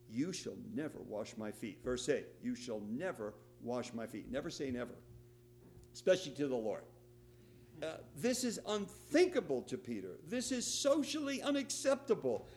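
Animated male pastor preaching. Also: a little hiss or hum. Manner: animated, acts out quoted lines with raised pitch. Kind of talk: sermon.

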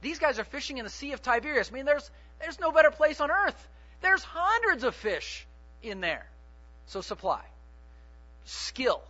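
A man preaching a sermon in an animated, joking way, often putting questions to the congregation. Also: very high-pitched, normal speed, lo-fi sound.

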